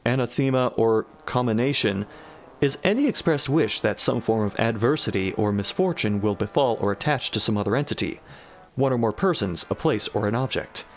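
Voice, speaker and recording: A man giving a deadpan comic reading of an absurd story and breaking in with wry asides. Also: medium pitch. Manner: dry, wry commentary. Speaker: reader of a generated story.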